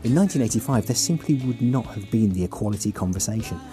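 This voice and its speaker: Lively wry male podcast host. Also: fairly low pitch, quick pace. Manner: wry, opinionated storytelling. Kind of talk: scripted narration and casual chat. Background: music.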